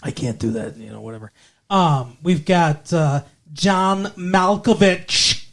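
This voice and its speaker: A man's voice: a little high, takes it slowly. Brief: male podcast co-host, chatty and digressive, trails off and self-corrects. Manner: rambling, digressive, corrects himself mid-sentence. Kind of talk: casual movie podcast chat.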